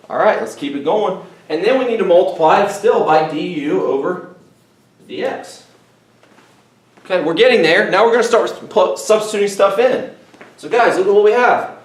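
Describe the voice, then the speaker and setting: Man teaching math in an echoey room. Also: sits high. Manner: explains step by step, often saying "okay" and "guys". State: voice cracking a little. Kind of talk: classroom math lecture. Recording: echoey room, mic far off.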